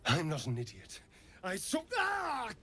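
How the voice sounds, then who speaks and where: An actor voicing a haughty, sneering male elf companion in a video game, speaking in an arch, mocking, theatrical way with a husky voice. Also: high-pitched, huge pitch swings, unhurried, bright, forceful tone, a little hiss or hum, full character voice. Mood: accusing.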